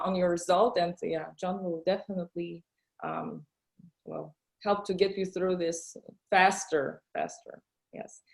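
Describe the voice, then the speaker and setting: Russian-accented woman hosting, hesitant. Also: on the low side. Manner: hesitant, with frequent fillers and quick laughs. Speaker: host. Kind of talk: casual interview chat.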